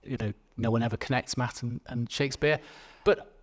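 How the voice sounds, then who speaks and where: A man lecturing to an audience. He talks conversationally and playfully, and often breaks off mid-phrase to restart a sentence. His voice sits at an ordinary middle pitch. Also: fairly even intonation, brisk. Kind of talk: public lecture.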